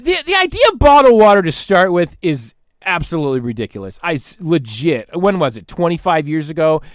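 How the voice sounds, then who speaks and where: Excitable, rambling male podcast host. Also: on the high side, no room sound, clean studio sound. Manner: excitable, rambling, laughs often. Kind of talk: comedic solo rant.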